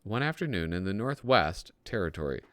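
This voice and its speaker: Man, low voice, very animated, casual comedic commentary, self-deprecating asides, frequent chuckles. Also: brisk, dry recording. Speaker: host reading old magazine jokes.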